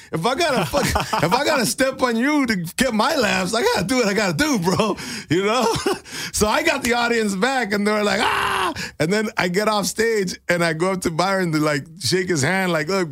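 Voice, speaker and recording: Middle-aged comedian guy, high voice, dry close mic, animated storytelling, says bro a lot. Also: no echo. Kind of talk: casual podcast chat.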